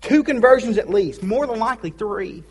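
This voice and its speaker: A man's voice: high voice, lively intonation, normal speed, slightly rough. A man preaching a sermon as pastor, casual and joking, with pop-culture asides.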